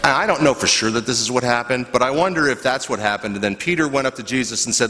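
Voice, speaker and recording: A man, a pastor, giving a children's sermon in a church, telling a story with animated voices and asking the kids questions. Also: medium pitch, quick pace, hardly any pauses. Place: church sanctuary. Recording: echoey church hall, faint ambience.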